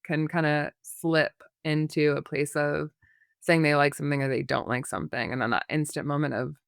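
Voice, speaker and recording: A woman's voice: deep voice, steady tone, moderate pace, vocal fry, no echo, clean studio sound. A woman therapist, a podcast guest, explaining in a rambling, casual way full of fillers and examples.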